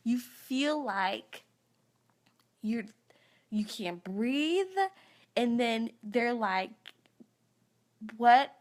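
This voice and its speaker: Groggy after dental surgery, a vlogger in her thirties tells a rambling story in a casual live stream recorded on a phone. Her slightly high voice has lively intonation but moves very slowly, with long pauses.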